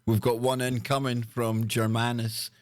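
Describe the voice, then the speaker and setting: Excitable man hosting a livestream. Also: medium pitch, a little slow, dry recording. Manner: excitable, loud laughs, slang-heavy. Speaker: host. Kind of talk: casual livestream chat.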